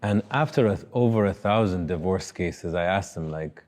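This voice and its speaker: Interview host: a man with a low, mellow voice who speaks reflectively in short, measured phrases. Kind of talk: conversational interview.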